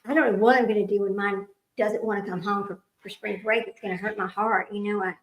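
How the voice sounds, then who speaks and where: A woman's voice: mid-range voice, fairly even intonation, quick pace, poor audio. A middle-aged woman hosting a casual trivia livestream, rambling and chatty, laughing often and talking straight to her viewers.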